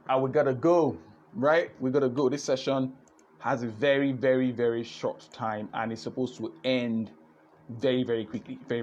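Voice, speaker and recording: Animated Nigerian man hosting a live stream. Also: mid-range voice, highs cut off, a little hiss or hum. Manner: animated, repeats words, switches into pidgin. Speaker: host of an online business session. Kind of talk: lively live-stream talk.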